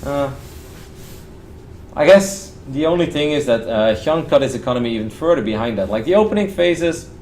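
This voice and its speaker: Male esports caster, mid-pitched, chatty analysis, roomy echo, faint ambience. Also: animated, moderate pace, darkish tone, slight background noise. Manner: chatty, analytical, candid asides. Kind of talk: solo esports play-by-play commentary.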